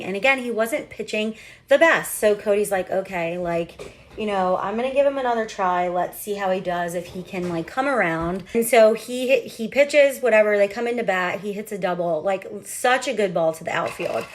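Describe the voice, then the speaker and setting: Woman, 30s, parent vlogger. Chatty, candid, casual storytelling with heavy fillers. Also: mid-range voice. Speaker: parent of a young athlete.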